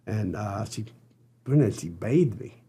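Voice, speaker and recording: An older man, a podcast guest, telling an earnest personal story with halting restarts. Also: on the low side, lively intonation, dark tone, slightly rough. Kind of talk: storytelling interview.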